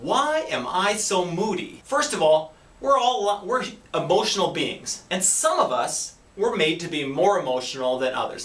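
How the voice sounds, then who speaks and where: Animated man explaining health topics. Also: fairly high pitch, normal speed, few pauses. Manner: animated, acts out little quoted exchanges. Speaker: doctor hosting a health video series. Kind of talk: casual educational health talk. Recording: echoey room, distant mic.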